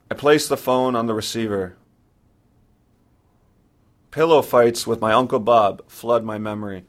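A man narrating a personal story in the first person, in a somber, measured way. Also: mid-range voice, steady tone.

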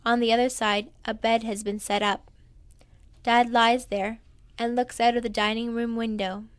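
A woman reading a first-person memoir aloud in a plain, quiet storytelling manner. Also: fairly high pitch, flat delivery, moderate pace, smooth, no echo. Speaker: narrator.

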